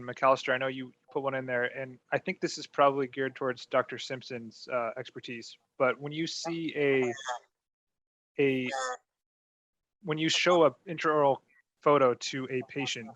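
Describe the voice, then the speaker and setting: A man's voice: medium pitch, a bit bright. Man moderating a webinar, dull audio. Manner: reading out a question. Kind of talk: moderating questions.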